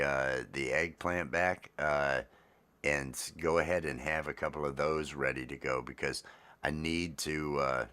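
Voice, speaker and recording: Man, extremely deep voice, casual solo vlog, rambling, lots of fillers and restarts. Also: fairly bright tone. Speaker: vlogger.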